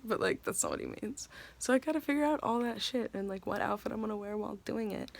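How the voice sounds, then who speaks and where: Chatty giddy young woman, gravelly edge. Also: medium pitch, quick pace. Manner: chatty, rambling, self-mocking; giddy and scattered. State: hungry and tired. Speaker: actress vlogger. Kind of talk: casual vlog chat.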